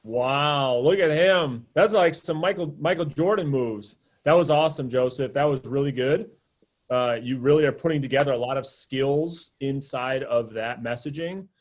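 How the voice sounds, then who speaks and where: Upbeat male coach on a video call. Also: medium pitch. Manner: upbeat, quick praise and cues. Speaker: sales coach. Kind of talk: live group coaching call.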